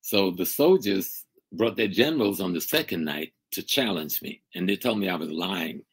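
An older man speaking as a guest on a video call interview. His voice is very low and husky. He tells his story dramatically, with loud emphatic bursts. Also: animated, normal speed, low-quality recording. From United States. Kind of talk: storytelling in a conversation.

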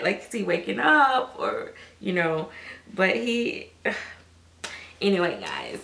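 A woman chatting casually to camera about her reborn dolls, rambling and soft-spoken. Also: on the low side, very animated, unhurried, vocal fry. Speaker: reborn doll collector. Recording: echoey room.

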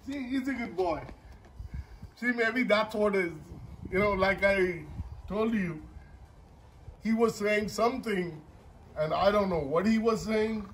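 A man's voice: high voice, slow, long pauses, slight background noise, poor audio. A man at home talking casually to his dog and the camera, coaxing and repeating himself, laughing often, with non-native grammar. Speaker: dog owner vlogger.

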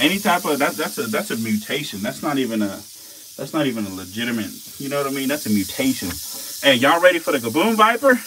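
A man casually commenting while filming, excitable and slangy, swearing often and talking both to his animals and to viewers. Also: medium pitch, fast talker, a little hiss or hum, rough recording. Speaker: reptile keeper vlogger.

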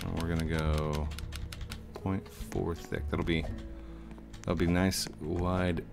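A man's voice: slow, vocal fry, music in the background. A man hosting a casual gameplay session, joking, laughing and humming along. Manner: playful, laughs often, hums and sings along; excitable, pitch jumps high when alarmed. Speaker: gaming channel host.

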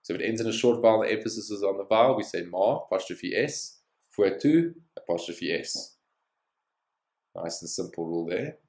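A man's voice: low-pitched, a little fast, vocal fry, darkish tone, reverberant. A man teaching a language lesson, explaining the rules step by step and adding short words of encouragement.

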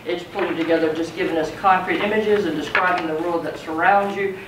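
A poetry teacher with a medium-pitched, steady voice lectures fairly quickly in a relaxed, conversational style, regularly checking in with the students. The microphone sits far off in a roomy classroom, capturing faint noise.

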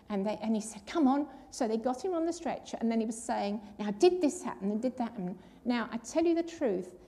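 A woman's voice: a little high, a little mellow. An older woman giving an earnest personal testimony at a church, telling her story and acting out the voices of the people in it.

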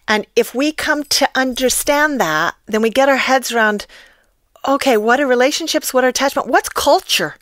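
A woman's voice: a little high, a bit bright, dry recording, studio quality. An American woman talking as a podcast guest, explaining ideas in a reflective way. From United States. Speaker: guest expert. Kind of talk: podcast interview.

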